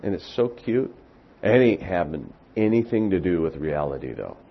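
A man preaching a sermon as pastor, speaking with deliberate emphasis that swells into loud, excited peaks. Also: sits low, gravelly, lo-fi sound.

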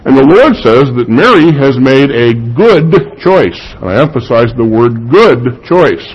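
Husky guy preaching a sermon in church, gets emphatic, asks the room questions, kinda muffled recording. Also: medium pitch, big pitch swings, normal speed. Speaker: pastor. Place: church sanctuary.

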